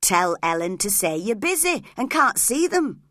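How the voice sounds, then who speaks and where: A woman's voice: medium pitch, sing-song, moderate pace, fairly bright tone, dry recording, studio quality. A woman voicing a brooding, jealous young working man who speaks bluntly. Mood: resentful.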